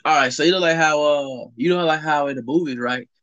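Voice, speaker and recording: A young man with a slightly high voice tells a long story in a casual chat on a call. His telling is loose and profane, full of fillers and restarts. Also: brisk, a bit bright, muffled recording.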